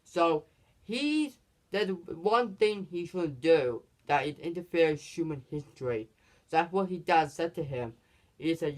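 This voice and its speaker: Male reviewer, casual and rambling, talks in fits and starts, voice a touch high. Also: a little slow. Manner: rambling, lots of restarts and "basically". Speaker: movie reviewer. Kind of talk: casual movie recap.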